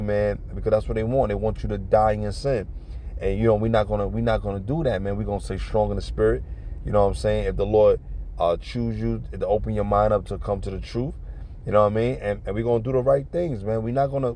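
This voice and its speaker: Gravelly streetwise man preaching. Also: lowish voice, warm tone, slight background noise. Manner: profane, streetwise, fills talk with "man" and "you know what I'm saying"; earnest religious exhortation. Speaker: vlogger giving life advice. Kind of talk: casual storytelling and preaching.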